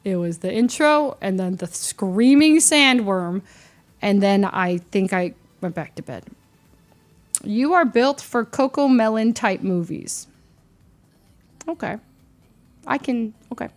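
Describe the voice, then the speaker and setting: A woman livestreamer in casual chat with her viewers, rambling and animated, often laughing at herself and restarting her sentences. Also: on the high side. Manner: rambling, animated and self-deprecating, with frequent restarts.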